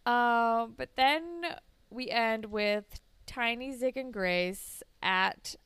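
A young woman co-hosting a casual chat, retelling scenes from a show and quoting the characters in quick little voices. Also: fairly high pitch, fairly bright tone, clear, resonant tone, no room sound. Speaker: podcast co-host recapping a TV episode.

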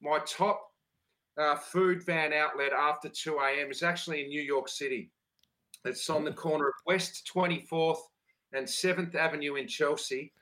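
A man's voice: a little high, fairly even intonation, normal speed, bright, forceful tone, low-quality recording. An Australian man hosting a casual chat, telling food stories with laid-back enthusiasm. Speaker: podcast host.

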